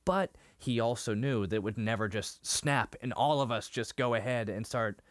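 Studio-clean and free of room sound, the recording captures a man of medium pitch speaking at ordinary speed. As a podcast co-host, he animatedly relives a TV episode in casual conversation, stumbling through fillers and restarts.

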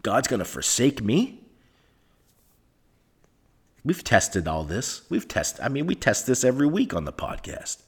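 Unhurried and pausing often, a man with a medium-pitched, breathy voice swoops wildly in pitch as he hosts a solo podcast. His monologue rambles with sarcasm and swearing, recorded via laptop microphone in a soundproofed room.

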